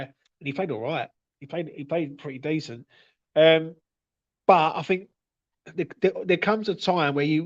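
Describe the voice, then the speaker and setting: A man's voice: on the high side, muffled recording. A man hosting a fan livestream, chatting casually and stumbling over his words, often tossing in "yeah?" and "mate". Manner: chatty, stuttery, tag questions like "yeah?" and "mate". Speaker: fan channel host reading viewer comments.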